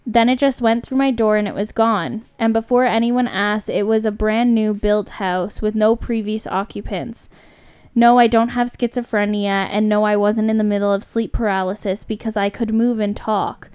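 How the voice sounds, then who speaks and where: A young woman with a smooth, clean voice co-hosts a podcast. She chats easily and laughs often, then reads a story aloud at an even, unhurried pace. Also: mid-range voice. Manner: chatty, laughs easily, reads with slow steady pacing. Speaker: podcast co-host. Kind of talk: casual chat and reading stories aloud.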